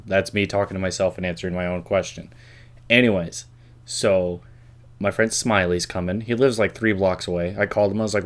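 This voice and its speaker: A man's voice: lowish voice, brisk. A young man hosting his own vlog, rambling casually and joking to himself. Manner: rambling, self-talking, jokey. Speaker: vlog host.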